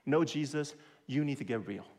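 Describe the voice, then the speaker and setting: A man's voice: mid-range voice, normal speed, a little mellow. A middle-aged male pastor giving a sermon in a conversational, emphatic way, with self-deprecating humor.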